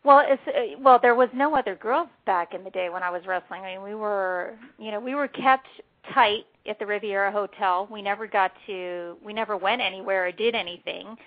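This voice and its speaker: Lively woman telling wrestling stories. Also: medium pitch, fairly quick, phone-quality sound. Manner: lively, animated anecdotes. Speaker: guest, former wrestler. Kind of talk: phone-in radio interview, storytelling.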